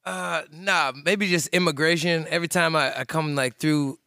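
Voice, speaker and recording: A man guesting on a live podcast, talking in a relaxed, offhand way full of "like". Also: fairly high pitch, moderate pace, vocal fry, no echo, clean studio sound. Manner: relaxed, offhand, uses lots of "like". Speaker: guest comedian. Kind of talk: laid-back chat on a live podcast.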